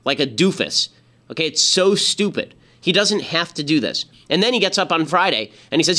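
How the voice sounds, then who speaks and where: Man, political commentator, very fast talker, bright tense voice, sarcastic, rhetorical questions. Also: fairly high pitch, very animated. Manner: sarcastic, rapid-fire, exasperated rhetorical questions. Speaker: political commentator hosting a show.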